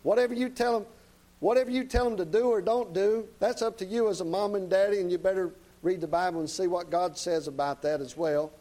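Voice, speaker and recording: A man's voice: high-pitched, fairly even intonation, a little fast, mellow, low-quality recording. Folksy, plain-spoken male preacher. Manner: folksy, plain-spoken, tag questions to the congregation. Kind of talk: sermon.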